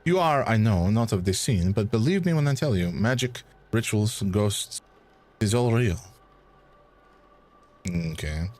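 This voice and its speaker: A man's voice: lowish voice, animated, darkish tone. A man putting on a suave French academic. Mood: measured. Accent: put-on French. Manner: measured, courteous, slightly haughty. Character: suave French male academic, debunker of frauds.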